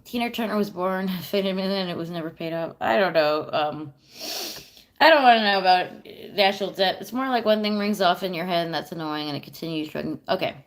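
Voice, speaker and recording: A woman's voice: lowish voice, brisk. A woman in her thirties chatting casually on a livestream, telling a rambling, profane story and answering viewers. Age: 30s. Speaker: streamer.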